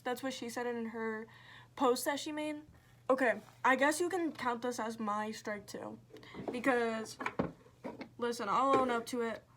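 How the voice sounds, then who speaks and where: A woman's voice: sits high, fairly bright tone. A young woman ranting to camera in a casual get-ready-with-me vlog, exasperated and sarcastic, full of "like" and "literally". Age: young adult. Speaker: vlogger. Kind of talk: casual chat.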